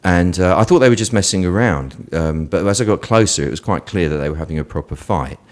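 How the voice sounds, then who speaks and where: A man with a very deep voice, speaking as a guest in a relaxed interview. He tells stories with lively energy and frequent laughter. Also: brisk. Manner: lively storyteller who laughs often. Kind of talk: animated storytelling in casual conversation.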